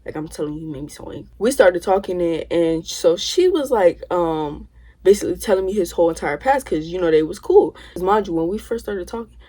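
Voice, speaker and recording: A young woman telling a story to the camera, animated and rambling, full of slang. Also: lowish voice, fairly quick. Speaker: vlogger. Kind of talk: casual storytime.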